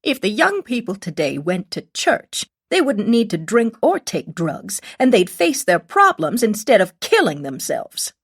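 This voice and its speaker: A woman's voice: medium pitch, huge pitch swings, a little slow, few pauses, husky, pitched above the performer's own voice, heavily acted. A woman reading an audiobook and voicing a stern, suspicious woman in her late seventies who scolds and preaches. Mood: snappish. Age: older.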